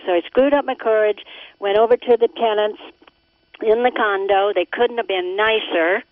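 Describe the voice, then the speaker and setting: A woman's voice: mid-range voice, a little slow, dry recording. A woman calling in to a radio show, telling her story in a chatty, earnest way. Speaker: caller. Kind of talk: phone-in conversation. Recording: tinny dry phone line.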